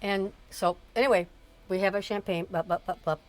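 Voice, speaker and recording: A woman's voice: medium pitch, steady tone, fairly quick. An older woman, the host's mother, telling a long personal story in casual chat, with many restarts and small laughs. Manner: chatty, rambling, frequent restarts and laughs. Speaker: streamer's mother, guest.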